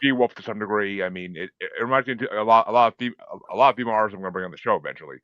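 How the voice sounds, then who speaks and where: A man hosting a podcast in casual chat, telling stories in a profane, animated way and acting out his own reactions. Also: fairly low pitch, racing, clean tone, no room sound. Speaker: podcast host. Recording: dull, dry lo-fi sound.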